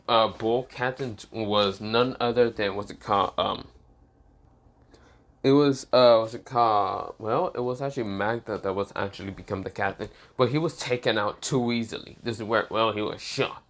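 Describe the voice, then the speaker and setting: A man's voice: medium pitch, fairly bright tone. A man tells an improvised fan-made story in a loose, casual way. He often stalls, corrects himself and reaches for words mid-sentence. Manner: halting, full of fillers and self-corrections. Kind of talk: improvised fan-fiction narration.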